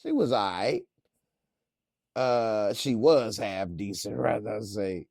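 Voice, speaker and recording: A man casually reacting to a TV episode in slangy, laid-back talk with lots of laughter and animated retelling. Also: lowish voice, slow, gravelly, no echo, clean studio sound. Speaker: reviewer.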